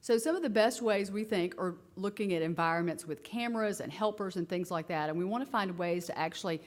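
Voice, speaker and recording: A woman presenting research to parents in a casual, conversational conference talk, full of fillers and animated asides. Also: fairly low pitch, brisk. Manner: animated storytelling, acting out quoted kids and herself; casual and conversational, many fillers like "you know" and "like".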